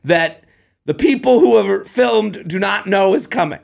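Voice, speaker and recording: A man in his thirties, a comedian co-hosting a podcast, chatting in a rambling, excitable way with lots of restarts. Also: high-pitched, moderate pace, creaky. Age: 30s. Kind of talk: casual chat.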